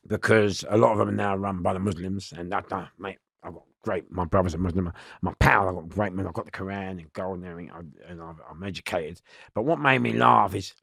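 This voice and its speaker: A man tells prison stories as an interview guest. He is loud and rambling, and laughs often. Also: deep voice, creaky, slightly rough, dry recording, clean studio sound. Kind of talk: storytelling in a podcast interview.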